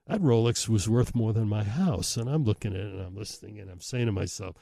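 A man's voice: on the low side, fairly quick, vocal fry, few pauses, mellow, dry recording, studio quality. A middle-aged man, a host telling a story in a wry, self-deprecating way. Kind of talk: storytelling monologue.

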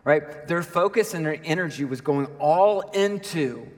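A man preaching in a conversational, storytelling way, his voice sitting a little high for a man. He keeps checking in with the congregation as he talks. The sound rings with the long reverb of a large church hall. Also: measured pace. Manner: conversational, animated storytelling with frequent "right?". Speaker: pastor. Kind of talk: sermon.

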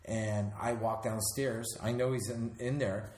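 A man's voice: fairly low pitch, unhurried. Casual male storyteller, swears, echoey room. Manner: swears, animated retelling with laughs. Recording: echoey room with faint noise.

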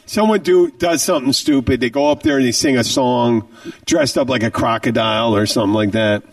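A man's voice: mid-range voice, animated, fairly quick, vocal fry, no room sound, studio quality, recorded from a distance. A man hosting a podcast, talking animatedly and profanely as he jumps between tangents. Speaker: podcast host. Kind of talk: casual podcast chat.

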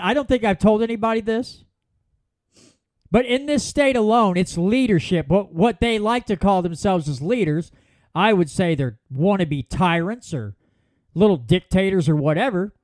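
A man hosts his podcast alone. His voice sits high and swings widely as he spins folksy stories, and the sound is dry and close. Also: moderate pace, dry recording. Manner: folksy, animated storytelling with repeated restarts. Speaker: podcast host. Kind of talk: solo political commentary.

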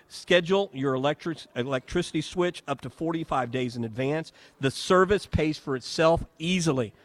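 A man's voice: a little high, animated, a little fast, hardly any pauses, dry recording. A man hosting a live radio talk show from a home and garden show, chatting, joking and reading ads.

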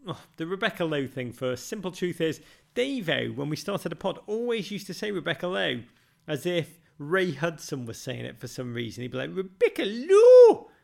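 Gravelly, wry male podcast host. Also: a little high, lively intonation, moderate pace, fairly bright tone. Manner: dry, self-mocking humour with dramatic flourishes. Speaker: podcast host answering listener questions. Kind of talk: wry, theatrical monologue.

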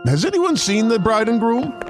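A man's voice: very high-pitched, sing-song, moderate pace. A man playing a wedding officiant in a comic radio ad. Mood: solemn. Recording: radio ad over loud music.

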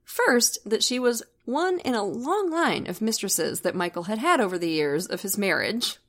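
A woman's voice: medium pitch, lively intonation, moderate pace. Chatty wry woman podcast host. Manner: chatty, wry, laughs often. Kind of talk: casual true crime storytelling.

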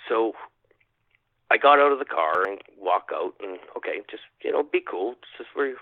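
A man from Canada, a podcast guest, telling a personal encounter story in an animated way, acting out his own thoughts and repeating phrases. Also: fairly low pitch, moderate pace, no room sound. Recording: dry tinny phone-line sound.

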